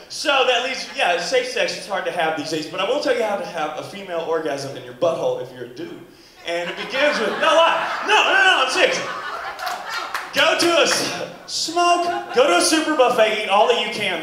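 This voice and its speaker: High, lively man doing stand-up. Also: fairly quick. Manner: animated, rambling storytelling with acted-out exclamations. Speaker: stand-up comedian. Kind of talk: stand-up comedy set. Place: club stage with audience. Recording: echoey club room with crowd.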